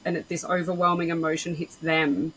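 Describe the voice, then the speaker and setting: A woman hosting a casual podcast conversation, frank and animated as she tells stories and acts out what people said. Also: deep voice, brisk, a little hiss or hum, low-quality recording. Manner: warm, animated storyteller, frank, acts out quotes. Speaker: podcast host.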